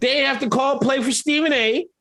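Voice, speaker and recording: A man's voice: very high-pitched, normal speed, bright, forceful tone. A man co-hosting a podcast, ranting and mocking in casual, profane commentary. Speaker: podcast co-host.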